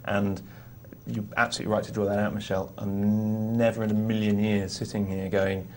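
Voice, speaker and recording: Low-voiced man talking poker. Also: flat delivery, fairly quick, a little hiss or hum. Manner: thoughtful, explanatory, with restarts. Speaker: poker show co-host. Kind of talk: live on-air poker talk.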